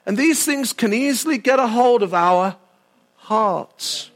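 A male pastor preaching a sermon, animated and often asking the congregation questions. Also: sits high, slow pace.

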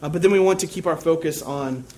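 A man's voice: on the high side, fast talker, darkish tone. A young man preaching a sermon, telling a personal story in a casual, self-deprecating way.

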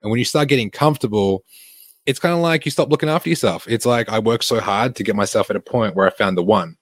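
A man with an Australian accent and a very deep voice tells a story in an easy, sweary way and laughs often. He is recorded close and dry, with no room sound. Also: quick pace, dry recording. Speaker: online fitness coach. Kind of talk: casual storytelling monologue.

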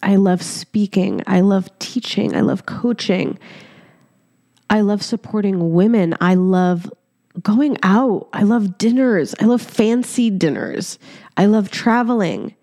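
A woman in her thirties, born in Egypt, hosting a solo podcast and telling a story in a lively, chatty way with frequent laughter. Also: medium pitch, takes it slowly, no room sound, clean studio sound. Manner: animated storytelling, laughing often, casual swearing; talks directly to listeners as "your girl". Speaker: podcast host.

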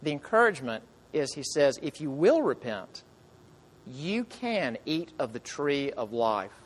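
A man preaching a sermon to his congregation, earnest, asking the listeners question after question and dropping to soft, quiet lines. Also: medium pitch, sing-song, unhurried. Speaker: pastor.

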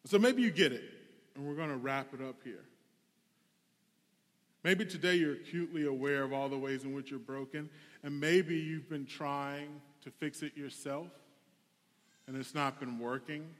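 A young man preaches in a relaxed, candid storytelling manner, his voice sitting a touch high for a man. The sound carries a long reverb, as if in a large hall. He talks to the congregation like he's chatting with friends. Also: normal speed, pauses often. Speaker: pastor. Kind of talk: sermon.

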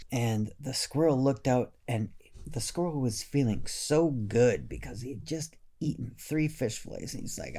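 A male storyteller reading a children's tale in a gentle, unhurried way. His voice is gravelly and husky, and he takes his time over each line. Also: mid-range voice. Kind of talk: storybook narration.

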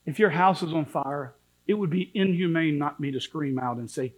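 In a church, a man delivers an impassioned sermon, swinging from shouted warnings to low pleading. His voice is husky and his pace moderate, though the audio quality is poor.

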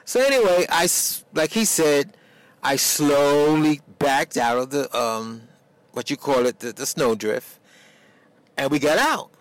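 A man's voice: fairly high pitch, measured pace, rough recording. An older man, telling a personal story in a rambling, casual way with restarts. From New York. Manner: rambling, with restarts and dialect grammar.

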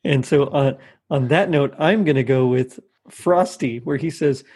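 A man co-hosting a podcast, chatting casually and warmly laughing along with his co-host. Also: medium pitch, a little slow, husky. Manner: easygoing, often laughing. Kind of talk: casual chat.

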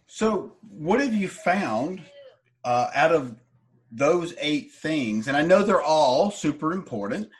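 A man hosting a podcast, asking questions and telling stories in a hesitant, halting way with many fillers. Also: fairly high pitch, lively intonation. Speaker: podcast host. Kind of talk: casual interview talk.

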